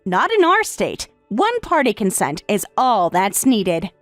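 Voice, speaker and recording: A woman's voice: medium pitch, huge pitch swings, a little slow, no room sound, faint music behind. A woman voicing a cool, sarcastic wife. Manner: cool and sarcastic, matter-of-fact. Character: calm, sarcastic wife who has left her husband. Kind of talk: text-message story narration.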